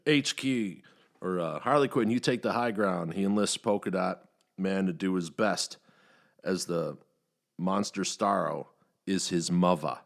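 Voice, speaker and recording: A man with a very low voice recaps a movie on his podcast. He rambles, stops often to hunt for words, and swears casually as he goes. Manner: rambling, many "uh" fillers, profane, acts out quotes in higher voices. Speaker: podcast host reviewing a movie.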